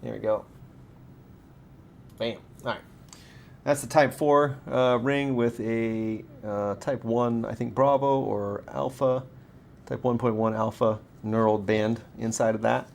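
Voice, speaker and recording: Male streamer, mid-pitched, rambles and corrects himself, workshop setting, faint background rumble. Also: steady tone, slow pace, creaky, darkish tone. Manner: rambling, self-correcting, chatty with viewers. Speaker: saber parts maker and stream host. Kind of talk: casual live stream product showcase. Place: home workshop studio with camera and key light.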